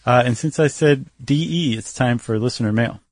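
A man's voice: medium pitch, fairly quick, noisy background. A man co-hosting a podcast in casual chat, wry and joking. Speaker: podcast co-host.

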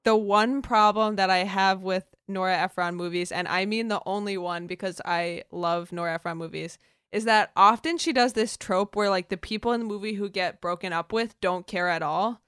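A woman in a casual chat, with a bright, crisp and smooth voice. She has a dry, close sound and a self-deprecating, quick way of talking. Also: mid-range voice, steady tone, no echo.

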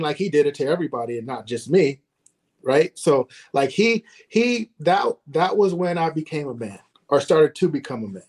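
A man's voice: mid-range voice, darkish tone. A middle-aged man as an interview guest, telling stories earnestly with small chuckles and frequent "right?". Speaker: guest, former ballplayer. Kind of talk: casual interview storytelling.

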